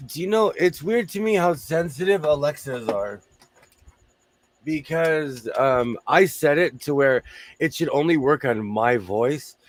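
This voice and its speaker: A man's voice: on the high side, unhurried. A man hosting a casual chat, joking around while losing his voice. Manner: chatty, joking asides. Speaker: host.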